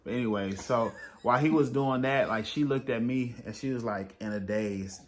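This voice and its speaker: Young dad rambling thru the birth story, plain mid voice, laughs at himself. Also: male voice, mid-range voice, moderate pace, slight background noise. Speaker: new father, co-host. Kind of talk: casual storytelling vlog.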